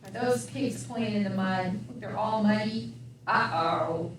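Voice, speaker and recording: Middle-aged woman, children's librarian at storytime; slow chanting read-aloud, recorded off mic in a roomy space. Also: medium pitch, distant mic, a little hiss or hum. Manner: sing-song, animal sounds, asks children questions. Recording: echoey room, voice from off mic.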